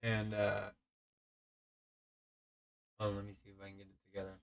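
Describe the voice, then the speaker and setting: A man's voice: on the low side, completely flat delivery, normal speed, creaky, no room sound. A man in his thirties hosting a podcast alone, telling stories in a rambling, profane way with many stammers and restarts. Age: 30s. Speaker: podcast host. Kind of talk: casual storytelling.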